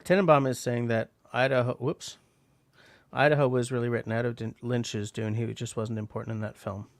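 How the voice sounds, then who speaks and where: A man co-hosting a livestream, speaking in a measured, hesitant way in casual chat. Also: medium pitch, little pitch movement, no room sound. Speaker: livestream co-host.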